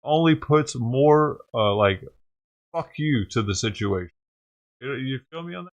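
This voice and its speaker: Here the vlog host's voice is medium-pitched and animated, at a moderate pace, with a lo-fi sound. He delivers a heated, profane rant in reaction to a news clip, swearing often.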